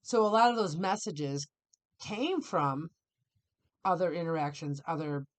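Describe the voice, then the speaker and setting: A middle-aged woman therapist hosting a casual podcast conversation, animated and quick to act out other people's voices. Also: deep voice. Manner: animated, acts out clients' voices in quotes.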